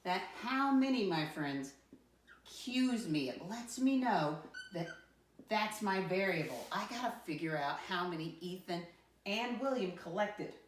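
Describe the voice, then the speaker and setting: A woman's voice: mid-range voice, animated, a little slow, a little hiss or hum. A woman teaching a math lesson to young children in a sing-song teacher voice, counting aloud and calling them "my friends". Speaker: first grade teacher. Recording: roomy sound from a distant mic.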